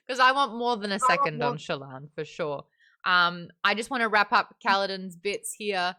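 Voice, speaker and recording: A woman with a bright, forceful voice leads a relaxed book club chat on a livestream. She talks animatedly and laughs a lot, slipping into quick impressions of characters as she goes. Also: medium pitch.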